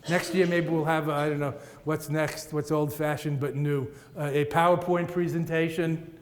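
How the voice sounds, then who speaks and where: Before an audience in a large meeting room, a Buddhist teacher offers a playful dharma talk with a rhythmic flow, often laughing at his own jokes. He speaks at normal speed in a fairly high, level-toned voice, and the echoey hall gives the sound roomy reverb.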